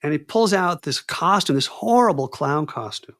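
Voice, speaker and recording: A man spinning a chaotic story on a podcast, his voice sitting a little high for a man. He swings up and down as he acts out every quoted line, peppering his talk with "dude" and "man.". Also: normal speed. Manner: animated, acts out quoted dialogue; says "dude" and "man" often. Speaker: podcast guest. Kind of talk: casual storytelling.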